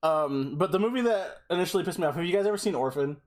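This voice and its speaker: Man, podcast co-host, high voice, very lively pitch, swearing, animated storytelling. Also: fast talker. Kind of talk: casual chat.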